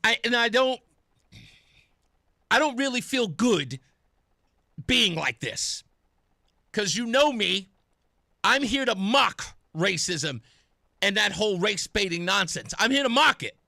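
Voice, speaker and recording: A young male talk radio host with a high, bright voice that swings widely as he rants. He speaks in an emphatic, sarcastic monologue, close to a dry studio microphone. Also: very animated, slow, pauses often, no room sound. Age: young adult.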